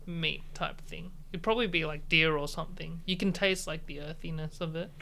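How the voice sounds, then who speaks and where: Guest: Australian man, bright gravelly voice, laid-back rambling delivery. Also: fairly high pitch, fairly quick. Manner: easygoing, filler-heavy, trailing off. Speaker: comedian guest. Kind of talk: casual chat.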